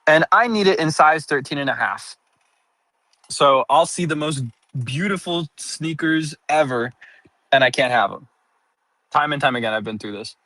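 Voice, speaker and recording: A man's voice: fairly high pitch, expressive, normal speed, pauses often, pushed and bright, dry recording, poor audio. A sleepy man streaming casual chat to his viewers, giggling often between sentences and turning playfully dramatic.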